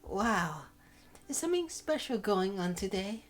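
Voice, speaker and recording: A man voicing a proper, sharp-eyed younger sister in a visual novel, prim and questioning. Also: high voice, very animated, unhurried, faint music behind, voice pushed up, exaggerated voice. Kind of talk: reading visual novel lines aloud.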